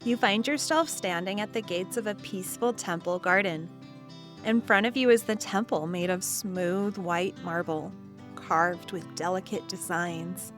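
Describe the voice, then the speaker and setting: Expressive woman narrating a kids' story. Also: lowish voice, measured pace, faint music behind. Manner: warm, expressive, second-person narration with quiz prompts. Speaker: children's show host and narrator. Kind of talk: guided storytelling for kids.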